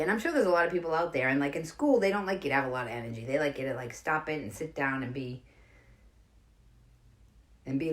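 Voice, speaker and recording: A middle-aged woman with a Boston accent, doing casual stand-up storytelling for a home livestream, rambling and greeting viewers by name. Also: lowish voice. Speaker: comedian hosting a livestream. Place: home during lockdown.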